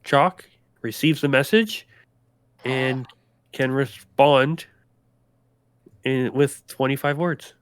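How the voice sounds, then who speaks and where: A man's voice: mid-range voice, slow pace, pauses often, smooth. A man running a tabletop role-playing game as game master, explaining rules and describing events in a loose, rambling way.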